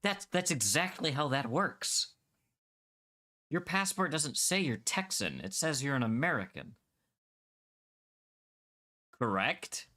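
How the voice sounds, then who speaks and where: Animated Scottish man, bright edgy voice. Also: on the high side, takes it slowly, long pauses. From Scotland. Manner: animated, argumentative, swears freely. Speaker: Minecraft server streamer. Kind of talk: casual gaming chat.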